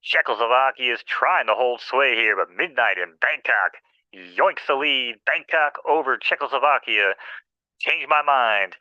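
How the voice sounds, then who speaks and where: Male race caller, tense bright timbre, dry slightly dull audio, playful rapid delivery. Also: mid-range voice, expressive, no echo. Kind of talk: race commentary.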